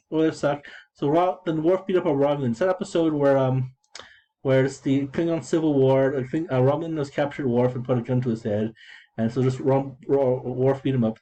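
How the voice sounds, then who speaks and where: A man's voice: mid-range voice, a little fast, warm tone, rough recording. A man in his thirties talking casually about his game chat, digressive and full of restarts and repeated words. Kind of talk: rambling casual commentary.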